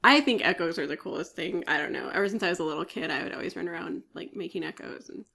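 A woman's voice: lowish voice, fast talker, vocal fry, fairly bright tone, a little hiss or hum. A woman co-hosting a podcast, retelling a myth in a chatty storytelling way with many fillers and frequent coughs. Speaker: podcast co-host. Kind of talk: casual chat, retelling a myth.

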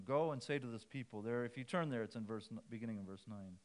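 A man's voice: medium pitch, fast talker, hardly any pauses. Male pastor, mid-range voice, conversational preaching with varied emphasis. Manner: conversational preaching, quoting scripture with shifting emphasis. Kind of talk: sermon.

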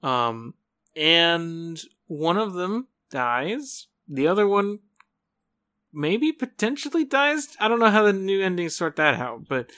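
A man's voice: high-pitched, big pitch swings, slow pace, sharp tone. A man chatting casually as a podcast co-host, rambling and hesitant, with many restarts. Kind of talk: casual chat.

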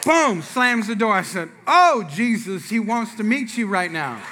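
A man's voice: high-pitched, very animated, a little slow, pushed and bright, slight background noise. A man preaching a sermon in a church, telling a family story with acted-out dialogue and asides to the congregation. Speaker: pastor.

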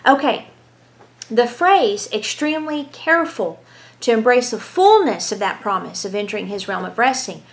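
High pitched lady doing a chatty bible lesson, animated, lots of questions to the room. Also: normal speed. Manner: animated, storytelling, asks rhetorical questions. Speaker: Bible teacher. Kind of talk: conversational Bible teaching.

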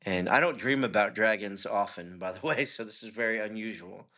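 A man's voice: lowish voice, fairly quick, pushed and bright. A middle-aged man, a pastor, telling a personal testimony in an interview in an earnest, conversational way. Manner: earnest, conversational storytelling with frequent "you know".

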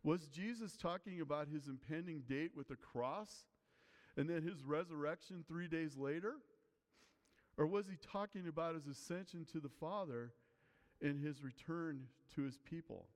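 A man's voice: on the high side, moderate pace. A man preaching a sermon as pastor, explaining a passage in an earnest way and reading scripture aloud to the congregation. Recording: long hall reverb.

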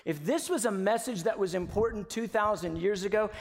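A man's voice: high voice, fairly quick. Passionate male preacher in reverberant hall. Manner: passionate, shifts from quiet to shouted emphasis. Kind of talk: sermon. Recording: long reverb of a large hall.

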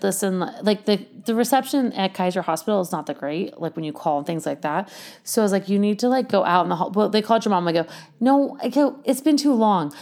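A woman's voice: medium pitch, darkish tone. A young woman telling a candid, rambling personal story in a casual way, with lots of fillers and frequent laughter. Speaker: vlogger sharing a health story.

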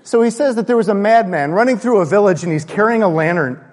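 Guy preaching, kinda high voice, gets loud then goes real quiet, big echoey church hall. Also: quick pace. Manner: impassioned, swings from loud high bursts to low hushed lines. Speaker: pastor. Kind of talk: sermon. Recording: long hall reverb.

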